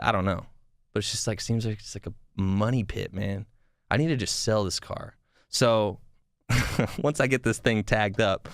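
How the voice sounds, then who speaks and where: A young man spins a long, rambling story for his podcast, getting louder and more worked up as he goes, swearing freely and restarting his sentences. His voice sits at an ordinary middle pitch. The sound is dry and close, with no room echo. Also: clean tone. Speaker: podcast host. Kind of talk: casual storytelling.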